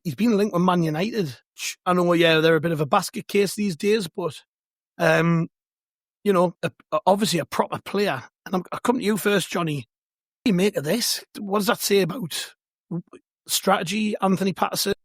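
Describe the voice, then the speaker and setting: A hoarse, worn-out man with a raspy voice, hosting a podcast in a chatty, self-mocking, rambling way. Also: sits high, a little fast, dry recording, clean studio sound. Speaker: podcast host. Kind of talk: casual chat.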